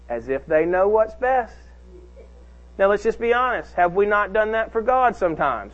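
Male preacher, high-pitched, emphatic delivery to his church, lo-fi muffled recording. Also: lively intonation, normal speed. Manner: emphatic, calls out to the congregation. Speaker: pastor. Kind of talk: sermon.

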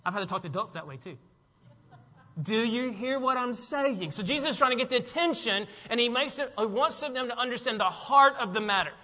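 A man preaching with a high, bright voice, emphatic and full of questions to his listeners. His words carry a long reverb in a large hall, and the sound is slightly dull. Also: expressive, fast, hardly any pauses. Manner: emphatic, repeats key phrases, asks the congregation questions. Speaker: pastor. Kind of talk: sermon.

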